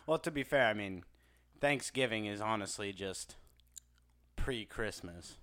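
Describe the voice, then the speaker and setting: A man's voice: lowish voice, measured pace. A young man co-hosting a casual video game podcast, ranting animatedly with plenty of swearing and jokes. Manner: animated, profane, jokey rants. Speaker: podcast co-host. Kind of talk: casual chat.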